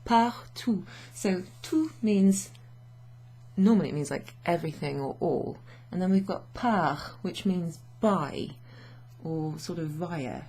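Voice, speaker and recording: A woman's voice: lowish voice, takes it slowly, dark tone, husky. A young woman teaching French in a casual, chatty way, mixing English with French and laughing often, recorded at her home desk. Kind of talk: casual language lesson. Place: home office with a standing desk.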